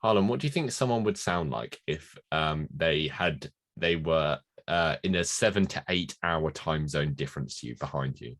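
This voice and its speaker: A man's voice: a bass voice, lively intonation, normal speed, few pauses, fairly bright tone. A British man hosting a podcast in playful, teasing chat. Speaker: podcast host and editor. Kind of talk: casual chat.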